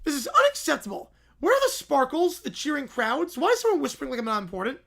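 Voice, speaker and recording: A performer voicing a bratty, demanding young child who whines and shouts complaints. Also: high voice, huge pitch swings, fast talker, gravelly, heavily acted. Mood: complaining.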